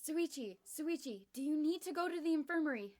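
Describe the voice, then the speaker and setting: A woman doing a tearful high-voiced teen boy. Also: lively intonation, fairly quick, a little mellow, echoey room. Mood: alarmed. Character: anxious teenage boy, clingy and tearful.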